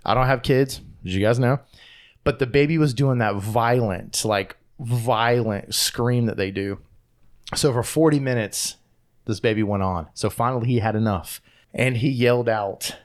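A man's voice: medium pitch, moderate pace. A man hosting a podcast, retelling a news story in casual chat and laughing often. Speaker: podcast host.

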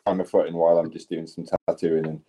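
A man's voice: a bass voice, flat delivery, quick pace, warm tone. A man chatting casually on a podcast, a tattoo artist telling rambling, sweary stories. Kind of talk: casual chat.

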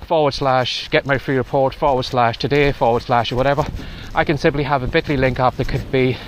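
Out in strong wind and rain, a podcast host hosts a casual walking vlog, giving chatty advice while slightly out of breath. His mid-range voice moves a little fast with fairly even intonation.

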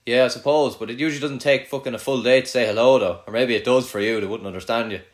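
A man's voice: medium pitch, quick pace. A young man with an Irish accent from Kildare, hosting casual banter with a friend, teasing and swearing a lot, with many "like"s.

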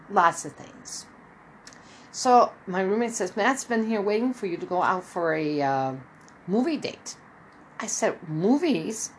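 A woman's voice: very animated, slow pace, slight background noise, poor audio. A woman in her fifties telling a rambling personal story, acting out the people she quotes. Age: 50s. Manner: rambling, acts out quoted dialogue with shifting pitch. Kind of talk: casual spoken storytelling.

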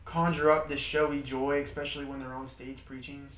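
A man leading a small group Bible study in an informal, animated way, repeating points for emphasis and laughing through his stories. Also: medium pitch, fairly quick. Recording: roomy, distant mic with faint background noise.

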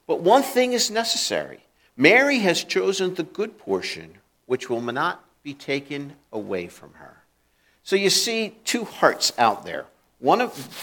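Lively, animated male pastor. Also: on the high side. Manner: conversational, acts out quoted voices, restarts and repeats words. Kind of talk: sermon.

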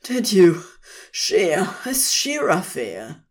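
A woman doing a desperate heartbroken man, pleading, tearful, slow, swooping pitch. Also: wildly swooping pitch, exaggerated voice. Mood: anxious.

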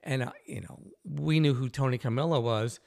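A man's voice: medium pitch, fairly quick, gravelly. Guy hosting a chat, tells stories with lots of energy, does the voices, laughs a lot. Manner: animated storyteller, acts out quoted dialogue, laughs often. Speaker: host. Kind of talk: casual interview storytelling.

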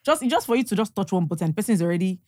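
A young podcast guest from Nigeria, speaking with a Nigerian accent, rattles off stories very fast in a medium-pitched, slightly mellow voice with lively intonation. The chat is casual, and she animatedly performs pieces of dialogue and laughs frequently.

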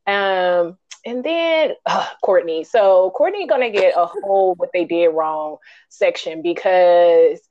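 A woman co-hosting a podcast, reviewing a film in casual chat, animated and ranting, acting out quotes in high voices. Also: slow pace, lo-fi sound. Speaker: podcast co-host.

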